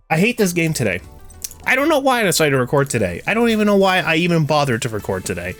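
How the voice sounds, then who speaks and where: A man's voice: a little high, wildly swooping pitch, quick pace, a bit bright, soft background music. A young man commentating his own card game play, ranting and swearing as his frustration builds. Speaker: gaming streamer. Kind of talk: gameplay commentary.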